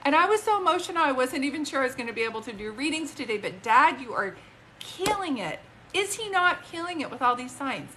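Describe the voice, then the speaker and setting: A woman's voice: high-pitched, big pitch swings, a little fast, pushed and bright, slight background noise. A woman working as a psychic medium on a live stream. She rambles with emotion, breaks off mid-sentence, and speaks both to an unseen spirit and to a viewer, into a phone.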